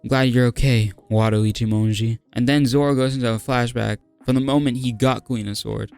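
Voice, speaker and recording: A man's voice: medium pitch, steady tone, fairly quick, creaky, a little mellow, clear, resonant tone, no echo, soft background music. A young man recapping a manga chapter in casual, slang-heavy talk, hyped and laughing often, saying "bro" constantly. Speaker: manga review host.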